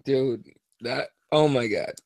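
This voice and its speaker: A tired man co-hosting a casual sports podcast, talking in a profane, animated and rambling way. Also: mid-range voice, slow pace, gravelly, dry recording, clean studio sound. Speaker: podcast co-host.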